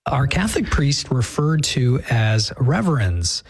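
A man hosting a call-in show, briskly introducing callers. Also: medium pitch, very animated, slightly rough, no room sound. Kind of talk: radio hosting.

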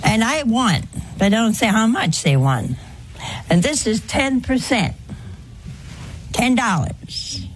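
Older woman, religious talk, slow delivery, conversational preaching, faint background noise. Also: on the high side, sing-song. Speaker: religious speaker. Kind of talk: sermon-like talk to an audience.

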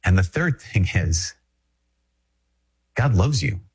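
A Catholic priest from Minnesota giving a conversational, emphatic reflection, repeating phrases and chuckling often. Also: male voice, deep voice, big pitch swings, takes it slowly, a little mellow, slightly rough. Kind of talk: spoken reflection to an audience.

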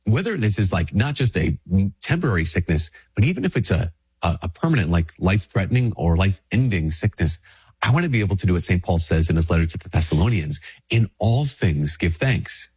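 A priest gives a relaxed spiritual talk with a husky, slightly low voice. He is a little sick with a stuffy nose, and he speaks conversationally, trips over his words and restarts his sentences. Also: fairly quick. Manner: conversational, with frequent restarts and fillers. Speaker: Catholic priest. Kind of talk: casual spiritual talk to camera.

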